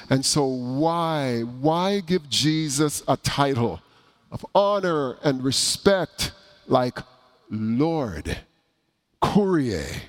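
Slow, deliberate male preacher. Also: fairly high pitch. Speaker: pastor. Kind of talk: sermon.

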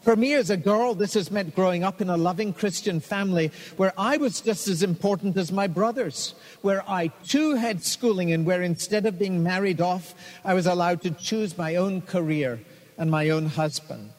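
A devoted young nurse with a sincere, open manner, as a male reader puts her on. The voice stays fairly high and sounds like the reader's own, with a long reverb around it. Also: moderate pace, close to an everyday voice.

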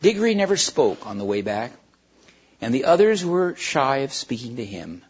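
Male storybook reader, husky tone, homey read-aloud with slips, dull lo-fi recording. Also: medium pitch, sing-song, moderate pace. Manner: storytelling with small stumbles and restarts. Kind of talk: reading a children's book aloud.

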